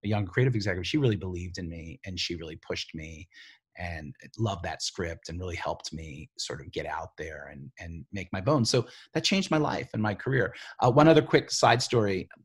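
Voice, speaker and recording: A man with a low, husky voice tells stories from his career as a television writer. He rambles in an animated way, leaning on "like" and "you know" constantly. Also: normal speed. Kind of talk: casual storytelling interview.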